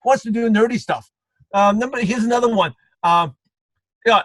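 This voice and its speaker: A man giving a network marketing coaching talk, animated and acting out quoted salespeople. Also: high voice, normal speed, husky, no echo, poor audio.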